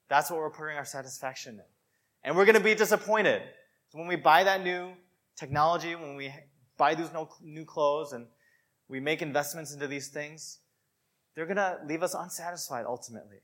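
A man preaching a sermon in a conversational, animated way, full of "you know" and "like". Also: a little high.

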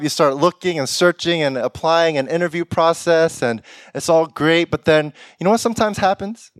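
A man's voice: a little high, no echo, clean studio sound. A young man giving a sermon, often laughing and acting out the lines of people he imagines. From Korean heritage. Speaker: pastor. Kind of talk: sermon with acted-out quotes.

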